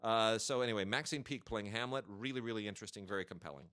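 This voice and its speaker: A man co-hosts a casual podcast and tells anecdotes with lots of emphasis. His voice is bright and forward. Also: on the low side, fast. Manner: storytelling, emphatic. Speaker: podcast co-host. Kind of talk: casual chat.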